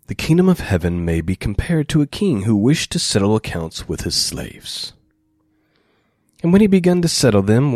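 A man's voice: deep voice, darkish tone, dry recording. A male pastor giving a sermon, reading scripture aloud with lifted emphasis and then explaining it in plain, conversational asides.

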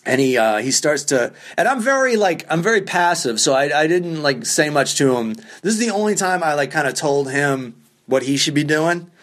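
A man's voice: on the high side, lively intonation, moderate pace, fairly bright tone. A male comedian hosting a podcast, telling a rambling, self-deprecating story with plenty of swearing. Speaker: podcast host and stand-up comedian. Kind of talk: casual storytelling.

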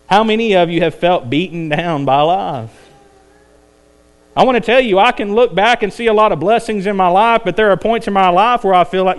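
High-voiced preacher, swells and drops. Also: male voice, normal speed, smooth. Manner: rises high and intense, then drops low and quiet. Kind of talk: evening sermon.

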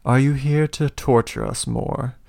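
A man's voice: mid-range voice, fairly even intonation, unhurried, vocal fry, warm tone, pitched above the performer's own voice. A man voicing an eerie female elf prisoner who speaks in creepy questions.

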